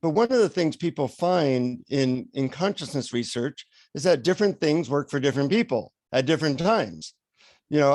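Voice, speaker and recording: A man telling an animated anecdote as a guest on an interview show. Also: fairly high pitch, no echo. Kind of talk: storytelling in an interview. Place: radio show recording.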